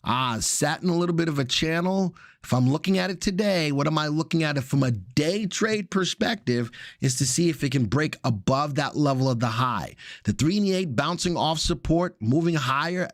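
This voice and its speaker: A man's voice: a little high, normal speed, few pauses, no echo, clean studio sound. A man hosting a live stock market update, talking through charts in a casual, chatty way with jokey asides. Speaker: stock market analyst host.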